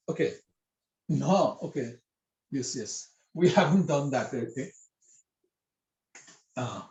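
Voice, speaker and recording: Slow, patient male script teacher. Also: on the high side, darkish tone, roomy sound, dull audio. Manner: slow, patient, spelling out syllables with fillers. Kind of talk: online class instruction.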